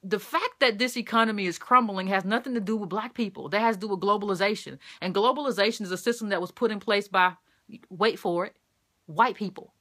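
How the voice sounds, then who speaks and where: Woman commentator, bright sharp tone, impassioned, repeats phrases, talks to viewers. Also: mid-range voice. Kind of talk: opinion commentary to camera.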